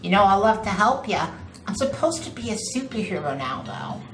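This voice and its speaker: A woman's voice: mid-range voice, sing-song, brisk, distant mic, soft background music. Woman at a game table, playful casual talk, off mic, echoey. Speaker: player. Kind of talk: tabletop role-play. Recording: roomy echo, from off the mic, faint noise.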